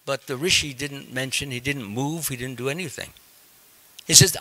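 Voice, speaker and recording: A man, a monk, telling a scripture story in a class, halting with frequent ums and restarts. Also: mid-range voice, sharp tone.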